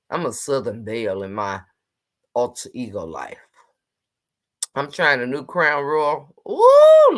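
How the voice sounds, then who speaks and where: Low-voiced woman hosting a casual livestream. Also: fairly bright tone. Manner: chatty, teasing, greets viewers by name. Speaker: livestream host.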